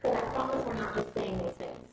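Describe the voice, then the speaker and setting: Gravelly low woman trainer in echoey hall. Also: fast. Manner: energetic, coaching, gives group exercise commands. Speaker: network marketing trainer. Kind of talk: motivational training talk to a live group. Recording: distant, echoey room, loud noise.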